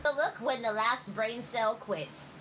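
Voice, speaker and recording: A synthetic woman's voice reading meme captions in a flat, read-out way. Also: on the high side, measured pace, a little hiss or hum. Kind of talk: meme video narration.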